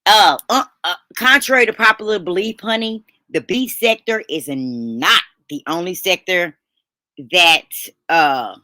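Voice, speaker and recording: Middle-aged woman, live-stream host; bright, forward tone, dry close mic, folksy and chatty. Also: lowish voice, lively intonation, measured pace, no echo. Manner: chatty, calls viewers honey and baby; folksy slang, restarts and stumbles. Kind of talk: casual live stream chat.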